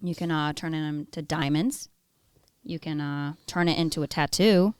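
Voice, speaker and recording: Young woman, smooth low voice, rambling chat. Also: fairly even intonation, moderate pace, darkish tone, no echo, clean studio sound. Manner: rambling, filler-heavy talk with many "like"s. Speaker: podcast co-host. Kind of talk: casual chat. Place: podcast studio.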